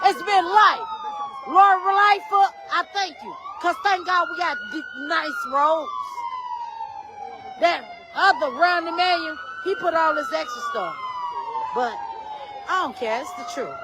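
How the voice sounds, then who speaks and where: A woman, livestreaming from a city street at night, loud, preachy and rambling. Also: very high voice, very animated, unhurried. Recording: noisy street with sirens and crowd. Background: crowd and sirens.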